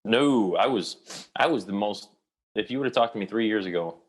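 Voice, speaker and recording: Young actor, deep voice, loose rambling delivery, interview guest. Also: male voice, animated. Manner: rambling, with many restarts and pauses. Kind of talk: casual storytelling interview.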